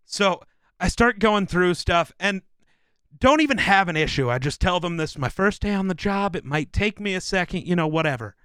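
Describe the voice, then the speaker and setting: A man co-hosting a podcast, telling profane, animated stories in casual chat. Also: high-pitched, normal speed, clear, resonant tone, no echo, studio quality. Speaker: podcast co-host.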